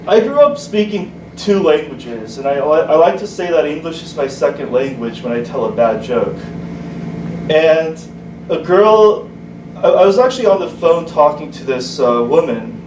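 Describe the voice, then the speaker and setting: Open-mic male comic, stammering restarts, slightly high voice; recorded from far off in a roomy little club. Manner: halting, stumbling delivery with many restarts. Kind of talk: stand-up comedy set. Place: small comedy club, indoors. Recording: echoey club, distant mic, room noise.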